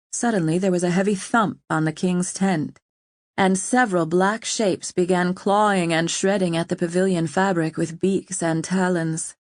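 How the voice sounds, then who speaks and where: A woman narrates a fantasy audiobook in a steady, measured way, her voice sitting fairly low. The recording is dry and close, with no room echo.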